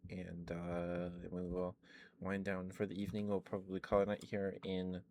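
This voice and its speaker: A man giving quiet, gentle ASMR chat to his stream viewers. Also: sits low, monotone, normal speed. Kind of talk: soft-spoken ASMR chat.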